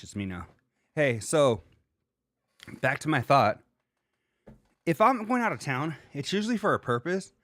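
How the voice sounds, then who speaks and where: A man's voice: mid-range voice, fairly bright tone, no room sound, clean studio sound. A man hosting a solo livestream, chatting loosely and rambling as he reads viewer comments, swearing now and then. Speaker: livestream host.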